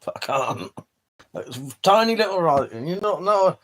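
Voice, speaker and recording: An Englishman hosts a casual livestream from an indoor room with a wall of weapons, reading chat and talking loosely with viewers. His high voice is sing-song at a normal speed, and he swears freely, rambles, and cuts himself off mid-sentence.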